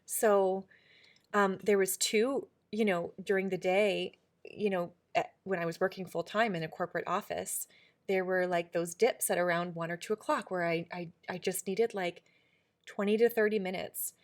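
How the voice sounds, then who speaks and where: A middle-aged woman co-hosts a reflective podcast chat. She speaks earnestly and with emphasis, often restarting her sentences. Her voice sits at an ordinary pitch. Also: steady tone, normal speed. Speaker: podcast co-host.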